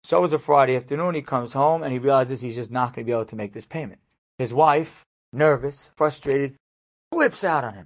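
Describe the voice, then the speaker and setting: A male rabbi telling an inspirational story in a lively, conversational way. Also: medium pitch, brisk.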